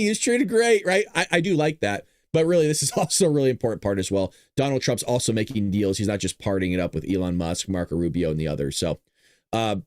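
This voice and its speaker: The host of this casual political show is a lively man who jokes around, laughs a lot, and puts on high, goofy voices. The sound is clean, dry studio audio.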